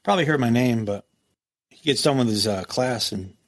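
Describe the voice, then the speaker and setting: A man's voice: medium pitch, brisk. A middle-aged man with an ordinary mid-range voice tells stories in a casual interview. He is blunt and swears freely. He acts out other people's lines as he goes. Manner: blunt, profane, lively storyteller who acts out quotes. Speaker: guest, former prison captain.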